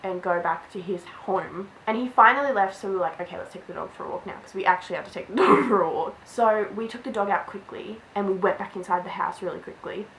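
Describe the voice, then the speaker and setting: A woman's voice: medium pitch, fairly quick, few pauses, fairly bright tone, a little hiss or hum, low-quality recording. Chatty young woman telling a story. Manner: chatty, lots of "like". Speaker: vlogger. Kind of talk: storytime vlog.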